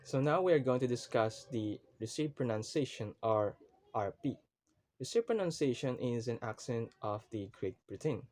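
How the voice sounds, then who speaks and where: A man giving a recorded class lecture, reading definitions aloud in a halting, repetitive way. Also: medium pitch, lively intonation, a little mellow. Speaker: student presenter.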